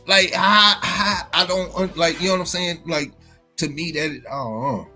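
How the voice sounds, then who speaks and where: A man's voice: fairly high pitch, moderate pace, pushed and bright, faint music behind. A man hosting a casual livestream chat, rambling with many restarts and filler phrases. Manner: rambling, many restarts and "you know what I'm saying". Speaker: livestream host.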